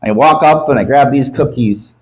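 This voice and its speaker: A man's voice: mid-range voice, moderate pace, poor audio. A man from Canada doing a stand-up comedy set, crude and self-mocking, swearing often as he jokes about his city and his sobriety. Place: comedy club stage with a live audience.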